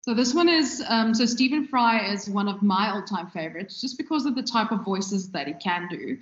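A woman lecturing casually, pausing on frequent ums. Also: mid-range voice, expressive. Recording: echoey room, dull lo-fi sound.

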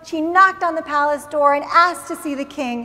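Woman rabbi telling a story in a sermon, highish voice, slow and dramatic, big reverb. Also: bright, forceful tone. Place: synagogue sanctuary. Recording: long reverb in large hall.

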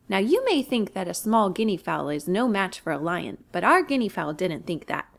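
A woman's voice: medium pitch, moderate pace, creaky, hardly any pauses. A children's librarian, a woman, reading a storybook aloud to children with expression. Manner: expressive, animated.

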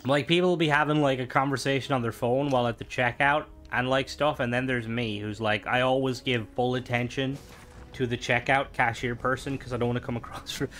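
A man's voice: medium pitch, fairly even intonation, a little fast, fairly bright tone. Young male streamer, rambling casual chat full of fillers, faint game music behind. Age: young adult. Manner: rambling, many fillers, playful asides. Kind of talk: casual chat while gaming.

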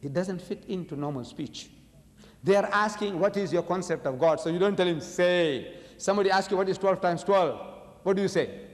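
A man with a fairly high voice delivers a religious lecture with emphatic, rhetorical force, often turning to ask his listeners questions. The recording is an archival tape with a long, ringing reverb from a large lecture hall. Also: normal speed.

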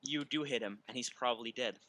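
Bright, halting game master man. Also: mid-range voice, no echo. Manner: halting, many ums and restarts. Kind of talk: narrating a tabletop game.

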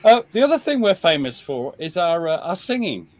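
A man's voice: fairly high pitch, very animated, brisk. A man, guest historian on a podcast, joking and laughing often in casual chat. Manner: jokey, self-mocking, laughs often. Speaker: guest, military historian and author.

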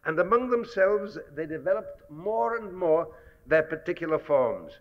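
A man giving a measured, scholarly public lecture, pausing often with fillers. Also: a little high, very animated. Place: lecture hall. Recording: dull archival 1960s lecture recording with long hall reverb.

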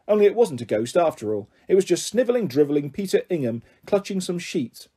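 A man narrating a children's book aloud in the first person, with lively, expressive storytelling. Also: fairly high pitch, a little fast, breathy edge.

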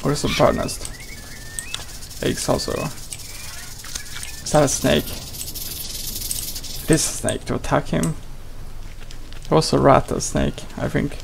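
A man's voice: on the high side, steady tone, slow, gravelly, pauses often, slight background noise, low-quality recording. A man hosting a gaming channel, giving playful, exclamatory let's play commentary and talking to his character.

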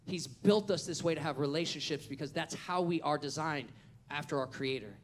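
A man, preaching a sermon as a pastor and acting out a family story with lively storytelling. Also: fairly high pitch, normal speed, a little hiss or hum. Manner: animated storytelling, acts out the scenes.

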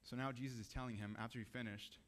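A man's voice: mid-range voice, steady tone, quick pace. A man giving a sermon in a church, talking casually and asking the audience questions. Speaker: preacher.

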